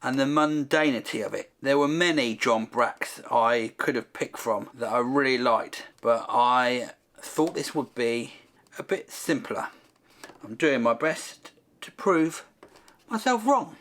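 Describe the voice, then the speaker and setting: A man hosts a comic painting show and gives a running commentary. He is wry and self-deprecating, with a middle-pitched voice. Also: unhurried, a bit bright. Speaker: host.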